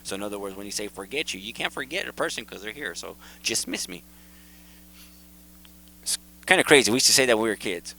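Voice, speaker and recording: A man hosting his own video, casually and excitedly talking viewers through photos and repeating himself as he points things out. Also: lowish voice, fast talker, gravelly, low-quality recording. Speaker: video host. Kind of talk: casual commentary over photos.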